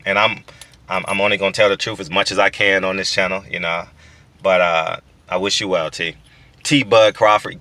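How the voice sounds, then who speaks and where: A man's voice: low-pitched, bright, forceful tone. A man in his forties hosting a boxing channel, talking in a casual, profane, emphatic monologue with stammered restarts.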